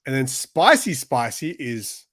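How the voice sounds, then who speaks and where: A man's voice: medium pitch, sing-song, measured pace, fairly bright tone. A young man co-hosting a casual podcast chat, telling rambling stories full of restarts and fillers. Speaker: podcast co-host.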